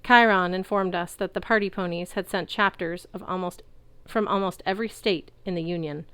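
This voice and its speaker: A woman reading a novel aloud in a lively way, belting out the characters' shouts. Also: on the low side, brisk, clean tone, no echo. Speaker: audiobook reader.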